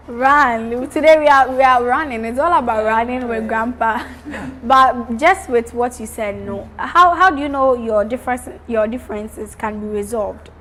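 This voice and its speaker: Woman host, probing and high. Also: a bit bright, slight background noise. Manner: probing, quick to laugh. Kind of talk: talk show discussion.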